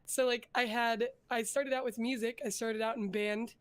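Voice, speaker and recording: A young woman with a hoarse voice from being sick, chatting as a guest in an interview and telling her story in an upbeat, rambling way. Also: a little high, fairly even intonation, normal speed, dry recording. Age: young adult. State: hoarse from illness. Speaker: guest vtuber. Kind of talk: casual interview chat.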